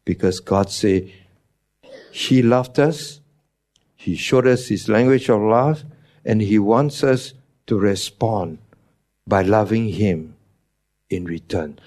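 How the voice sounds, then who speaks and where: A man's voice: on the low side, slow, long pauses, darkish tone. A man preaching a teaching sermon, emphatic, his voice jumping up on key words, with non-native English phrasing.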